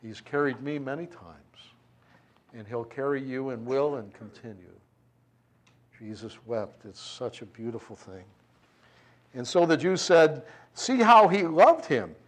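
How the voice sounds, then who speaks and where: A man preaching a sermon, reading scripture and explaining it in an expressive, conversational way, moving between loud emphasis and hushed tenderness. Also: mid-range voice, measured pace, pauses often. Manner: conversational asides with light chuckles.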